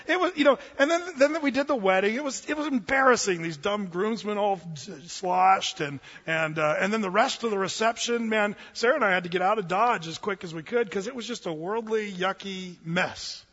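Guy pastor preaching, high bright voice, telling stories all animated, long echo from a big church hall. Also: fairly quick. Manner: storytelling, animated and confessional. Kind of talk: sermon. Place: church sanctuary. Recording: dull sound in a large reverberant hall.

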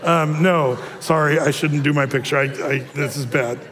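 A man's voice: mid-range voice, steady tone, moderate pace, fairly bright tone, big-room sound. A man giving a casual, digressive sermon as a pastor, with joking asides. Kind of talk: casual prophecy-update sermon.

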